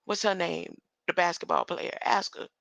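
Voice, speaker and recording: A woman's voice: fairly low pitch, steady tone, normal speed, gravelly, a bit bright, no room sound, poor audio. A woman hosting a livestream, rambling through a spiritual monologue, often ending her lines with a questioning "huh?" and laughing between thoughts.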